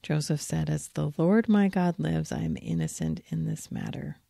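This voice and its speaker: A woman's voice: sits low, normal speed, vocal fry, dark tone, dry recording, studio quality. A woman podcast host reading an old religious text aloud and reflecting on it, lifting her voice for quoted lines. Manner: reflective, reads quoted lines with lifted emphasis. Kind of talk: reading and commenting on scripture.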